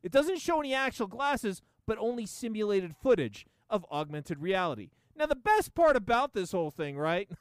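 High-voiced sarcastic man ranting. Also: very animated, normal speed, hardly any pauses, smooth, no room sound. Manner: profane, sarcastic, laughing often. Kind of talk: casual comedic rant.

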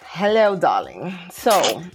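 A woman's voice: fairly low pitch, huge pitch swings, slow, faint music behind. A woman co-host asking the guest a question, effusive and affectionate.

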